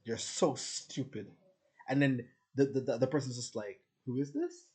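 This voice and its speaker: A man's voice: mid-range voice, normal speed, a little mellow. Man, vlogger, casual rant, rambling, profane, boastful. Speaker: spiritual vlogger. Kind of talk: casual ranting monologue.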